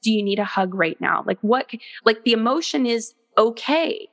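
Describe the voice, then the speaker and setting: A woman in her thirties or forties, speaking as an interview guest in an earnest, animated way. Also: a little high, normal speed, vocal fry, big-room sound. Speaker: guest, author. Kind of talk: conversational interview.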